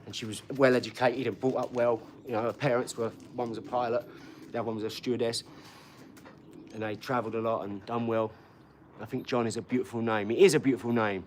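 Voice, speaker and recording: A man's voice: medium pitch, fairly even intonation, quick pace, a little mellow, slight background noise. Rambling man on a livestream. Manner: rambling, swears freely, jumps between topics; talks to viewers' comments directly. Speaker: livestream host. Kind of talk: casual livestream chat.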